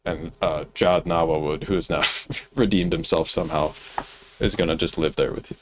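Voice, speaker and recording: A man's voice: rumbling low, steady tone, normal speed, a little hiss or hum. A man co-hosting a podcast in casual fan chat, laid-back and swearing freely. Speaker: co-host.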